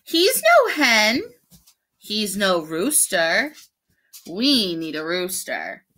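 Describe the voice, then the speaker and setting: A woman's voice: mid-range voice, wildly swooping pitch, very slow, sharp tone, full character voice. A woman voicing a group of bossy, mean female hens who mock the others in a picture-book story. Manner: scornful, mocking.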